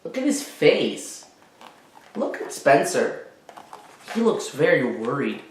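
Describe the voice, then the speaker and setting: A man's voice: fairly high pitch, big pitch swings, slow pace, slight background noise. A man reading a picture book aloud to children, with chatty, teacherly asides. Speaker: children's story reader. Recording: roomy echo.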